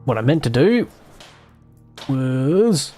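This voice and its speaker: A man's voice: medium pitch, very animated, slow pace, mellow, soft background music. A man streaming a video game, thinking aloud in casual, self-mocking commentary.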